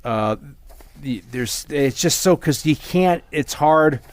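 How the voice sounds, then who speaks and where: A man co-hosting a movie podcast, talking in a rambling, animated way with many restarts. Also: a little high, takes it slowly. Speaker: podcast co-host. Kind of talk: casual movie discussion.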